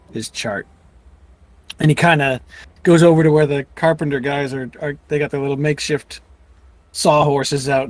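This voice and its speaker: A man's voice: medium pitch, a little mellow, dry recording. A man narrating as game master of a tabletop game, rambling with frequent restarts.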